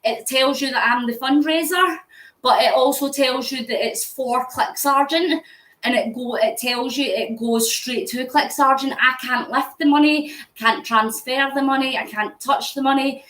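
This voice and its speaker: A woman's voice: high voice, moderate pace, a bit bright, roomy sound, low-quality recording. A Scottish woman from near Glasgow, hosting a live stream and chatting while she answers viewer comments as she cycles. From Scotland. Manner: chatty, answers comments aloud with frequent laughs; talking while cycling. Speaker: fundraising vlogger.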